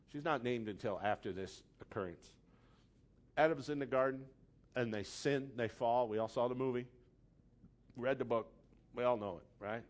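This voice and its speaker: A middle-aged man preaching a sermon as pastor, passionate, dropping to hushed tones and rising to loud emphatic lines. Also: medium pitch.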